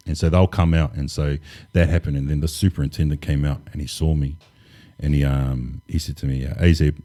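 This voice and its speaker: Deep, mellow-voiced New man. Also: no room sound, clean studio sound. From New Zealand. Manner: relaxed, laid-back, lots of "bro" and fillers. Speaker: interview guest. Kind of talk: casual storytelling.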